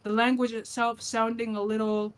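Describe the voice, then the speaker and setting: A woman's voice: fairly high pitch, level tone, moderate pace, clear, resonant tone. A woman running a tabletop game as game master, narrating scenes in detail and often restarting her phrases. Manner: descriptive, with frequent restarts.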